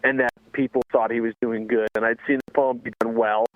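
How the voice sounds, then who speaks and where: A man's voice: mid-range voice, little pitch movement, fairly quick, dry recording, narrow, tinny audio. A man hosting a casual podcast chat as a stand-up comic, telling mocking, profane stories.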